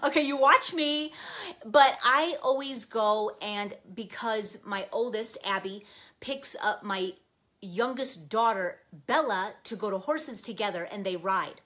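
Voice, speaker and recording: An older woman hosting a live planner stream, chatting in a gushing, excitable way, with frequent "okay?" and bursts of laughter. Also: medium pitch, measured pace, a little hiss or hum. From Nebraska, US. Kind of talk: casual live-stream chat.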